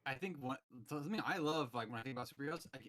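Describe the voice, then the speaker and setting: A young man chatting casually over a voice call, his voice bright and forward. He tells stories with animated energy and keeps slipping into the lines he quotes. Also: medium pitch, racing. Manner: animated storytelling, acting out quotes. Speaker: podcast host. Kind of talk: casual chat.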